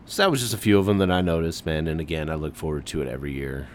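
Here a solo podcaster from the American Midwest races through casual commentary in a very deep voice. Though laid-back at heart, he repeatedly gets fired up, saying "man" a lot and swearing a bit, over a faint layer of hiss.

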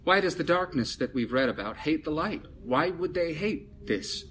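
Forceful bright-voiced male preacher. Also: a little high, animated, normal speed, slight background noise. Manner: emphatic preaching with rhetorical questions and repetition. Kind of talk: sermon.

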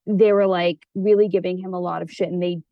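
A woman's voice: on the low side, level tone, a little fast, no room sound, highs cut off. A woman therapist talking as a podcast guest in an earnest, rambling way, with many fillers, and sounding teary. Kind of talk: casual conversation.

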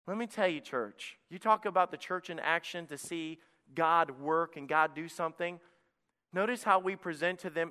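A man preaches to his congregation with a smooth, resonant voice that sits a little high for a man. He reads scripture aloud and presses his points with loud, surging emphasis. His voice carries through a large hall with a long reverb. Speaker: pastor. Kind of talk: sermon. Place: church sanctuary.

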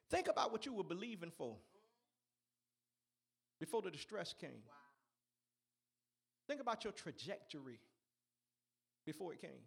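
High, lively, gravelly male preacher. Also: moderate pace, long pauses. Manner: emphatic and repetitive, urging listeners. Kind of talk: sermon.

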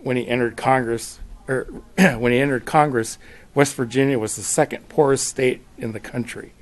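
A man giving prepared testimony at a hearing, reading facts and figures in a measured, steady way. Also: medium pitch. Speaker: public witness at a legislative hearing. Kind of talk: prepared testimony read at a podium.

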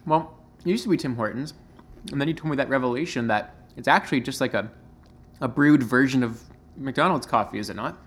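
A man as a guest on a casual podcast, talking in a relaxed, thoughtful way and explaining his views at length. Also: mid-range voice, fairly quick, husky.

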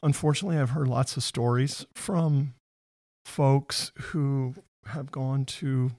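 A man hosting a faith-based interview chat, earnest and openly emotional, often speeding up when he gets excited. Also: mid-range voice, slow pace.

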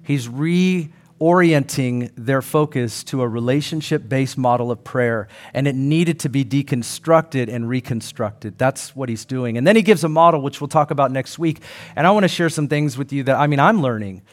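A man's voice: medium pitch, moderate pace. A middle-aged man preaching a sermon, earnest and conversational, acting out quoted voices. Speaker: pastor.

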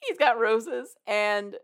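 A woman casually recapping a story for a co-host, animated and profane, laughing often as she talks. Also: a little high, extremely slow. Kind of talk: casual chat.

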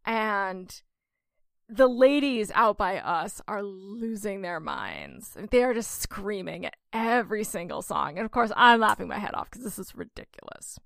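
A woman co-hosting a podcast, telling stories in a lively, animated way and laughing often. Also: medium pitch, measured pace, vocal fry, dry recording, clean studio sound. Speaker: podcast co-host. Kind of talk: casual chat.

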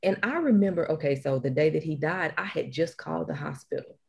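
A woman's voice: sits low, brisk, creaky, a little mellow, slightly rough. A woman telling a memory in a casual conversational way, quoting what she and others said. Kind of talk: casual chat.

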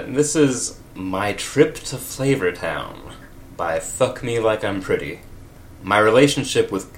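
A man's voice: on the low side, slight background noise. A man reading comedic fan fiction aloud, with wry, laughing asides. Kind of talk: comedic read-aloud with commentary.

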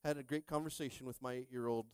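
A man's voice: medium pitch, fairly even intonation, fast, smooth, dry recording. Man preaching with call-and-response. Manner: call-and-response preaching, swings from quiet to shouting. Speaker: pastor. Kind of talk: sermon.

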